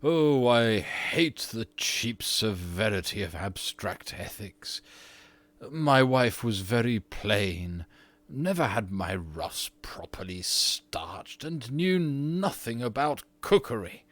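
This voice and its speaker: A man voicing a petulant, haughty aristocratic ghost of an English nobleman in an audiobook reading, often drawing his words out slowly. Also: medium pitch, lively intonation.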